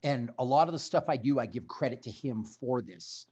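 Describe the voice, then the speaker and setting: A man's voice: medium pitch, animated, normal speed, mellow, slightly rough, lo-fi sound. A man telling his story as a podcast guest, in a blunt, emphatic conversational way.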